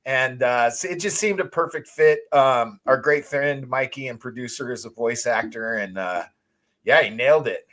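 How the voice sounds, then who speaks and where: A man co-hosting a casual podcast chat, telling stories in a relaxed way. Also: mid-range voice, normal speed. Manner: relaxed storyteller, frequent fillers. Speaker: co-host.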